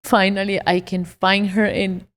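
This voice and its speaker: A woman's voice: medium pitch, level tone, unhurried, in a large hall. Tearful woman sharing a heartfelt story. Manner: emotional, heartfelt storytelling, on the edge of tears. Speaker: podcast co-host. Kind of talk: casual podcast conversation.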